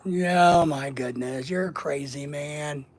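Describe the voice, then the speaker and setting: A middle-aged man with a slightly high voice speaks slowly as he hosts a casual livestream. Reading the chat and replying, he rambles and cracks jokes, repeating words and listing things.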